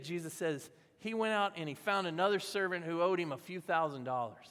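A man's voice: high voice, fairly quick, few pauses, fairly bright tone, big-room sound. A man preaching a sermon as a pastor, telling a parable in a conversational way and voicing its characters. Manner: conversational storytelling, acting out voices in the parable.

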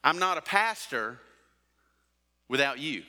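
A man's voice: medium pitch, animated, takes it slowly, pushed and bright, long reverb tail. A middle-aged man preaching a sermon as pastor, asking rhetorical questions and acting out everyday quotes.

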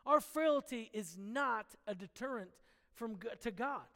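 A man's voice: extremely high pitch, lively intonation, measured pace, a bit bright, long reverb tail. A man preaching a sermon in an emphatic, conversational way, asking his listeners questions directly.

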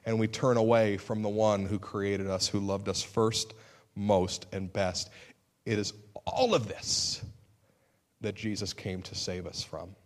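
A man's voice: lowish voice, flat delivery, a little slow. A middle-aged male pastor preaching a sermon in an earnest way, with sudden emphatic outbursts and self-deprecating humor.

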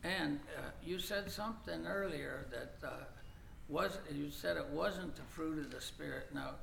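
A very gravelly, fry-heavy man speaks up from the floor of a Bible study, his voice a touch higher than most. He asks his question haltingly, searching for words. The room is echoey, with faint noise behind him. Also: fairly bright tone. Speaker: congregant asking a question.

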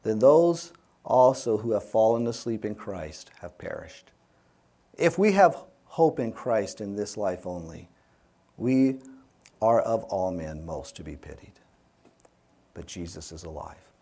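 A man's voice: lowish voice, sing-song, measured pace, warm tone. A man teaching an adult Sunday school class, reading scripture aloud with emphasis and inviting the group to respond. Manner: reads scripture aloud with emphasis, then leads group discussion. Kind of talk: Bible class teaching with discussion.

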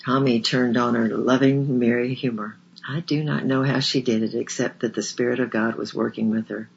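A man reading a memoir aloud in a measured, earnest way, in a slightly dull lo-fi recording. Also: medium pitch, fairly even intonation, gravelly, slight background noise. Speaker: audiobook narrator.

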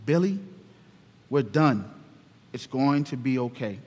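Man putting on a calm young dad, soft and low, soothing, echoing hall. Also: slow pace, full character voice. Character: patient calm young father soothing a child.

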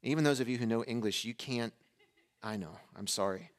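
A pastor in his forties with a medium-pitched voice preaches briskly in a church. He is animated, shifting between loud emphasis and hushed asides.

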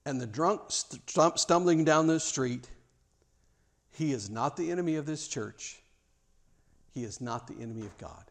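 A man preaching a sermon; he is animated, often stammers and restarts, and acts out the scenes he tells. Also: a little high, moderate pace, long pauses. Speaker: pastor.

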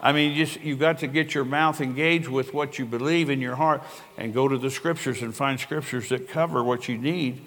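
A man's voice: mid-range voice, fairly even intonation, moderate pace, a bit bright. An older man, a pastor, preaching a sermon in an earnest, conversational way and telling stories with quoted dialogue. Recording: long reverb of a large hall.

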